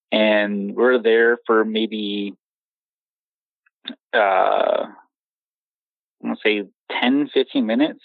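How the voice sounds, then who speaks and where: A man's voice: lowish voice, steady tone, drawn-out words, gravelly, pauses often, no echo. A young man telling his own scary encounter story in a rambling way, stumbling over restarts and laughing nervously. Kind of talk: casual storytelling. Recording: tinny phone line.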